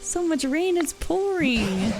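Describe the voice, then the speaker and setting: Creaky-voiced woman streamer. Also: high voice, very animated, slow. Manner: giggly, reads game dialogue aloud. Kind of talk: casual gameplay commentary. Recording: game music clearly underneath.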